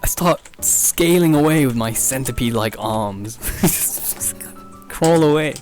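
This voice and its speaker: A young man hosting a podcast, rambling through an improvised absurd comedy story, often laughing at his own jokes and leaping up in pitch when he quotes people. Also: lively intonation, takes it slowly, a little mellow, soft background music. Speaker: podcast host.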